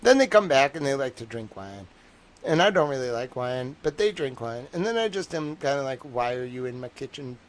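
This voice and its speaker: Rambling, animated young man chatting. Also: medium pitch, fairly quick. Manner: meandering, lots of "like" and "I don't know"; wry, laughs between stories. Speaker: livestream host. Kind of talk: rambling casual chat.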